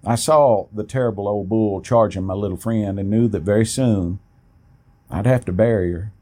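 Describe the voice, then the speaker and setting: A man reading a first-person story aloud in a plain, steady way, with an occasional restart. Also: on the low side, moderate pace.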